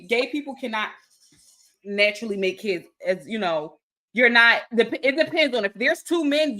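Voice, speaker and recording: This woman hosts a casual online chat, speaking in with a bright, forceful tone. She talks with emphasis and keeps turning to her audience with direct questions. Her voice sits on the higher side. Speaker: host. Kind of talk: casual video-call chat.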